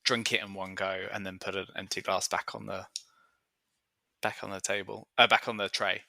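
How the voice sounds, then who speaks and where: A man playing a tabletop game, chatty and unsure, thinking out loud. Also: low voice, flat delivery, normal speed, vocal fry, no echo. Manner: chatty, unsure, laughs easily. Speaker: player. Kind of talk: casual tabletop play.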